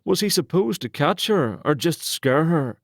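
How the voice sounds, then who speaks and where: Steady male audiobook narrator, dry close sound. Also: a little high, a little slow, vocal fry, no echo. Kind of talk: scripted narration of a romance novel.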